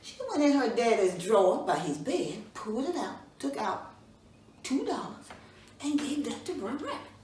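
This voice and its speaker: A woman storyteller telling a folk tale for children, expressive and folksy, her voice fairly high and rising and falling widely. She sounds distant from the mic in a roomy space, with faint noise behind her. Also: normal speed.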